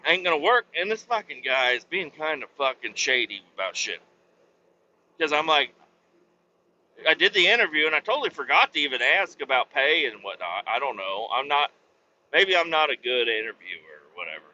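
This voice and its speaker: A man's voice: on the high side, big pitch swings, brisk, highs cut off, a little hiss or hum. A man in his thirties or forties hosting his own podcast from behind the wheel, rambling and swearing through every sentence over a headset mic. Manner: swears constantly, rants loudly. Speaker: podcast host. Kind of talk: profane rambling monologue. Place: driving a truck.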